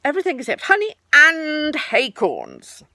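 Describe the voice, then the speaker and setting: A woman doing Tigger, loud bouncy tiger. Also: huge pitch swings, normal speed, dry recording, exaggerated voice. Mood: cheerful. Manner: loud, high and exuberant. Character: bouncy cheerful young male tiger, boastful.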